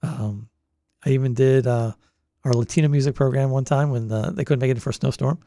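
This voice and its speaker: A man's voice: mid-range voice, steady tone, brisk, creaky, warm tone, no room sound. A man in his sixties with a Boston accent, recalling his years at a college radio station in a rambling oral history interview. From Boston area. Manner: rambling storyteller, many restarts. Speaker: longtime college radio volunteer.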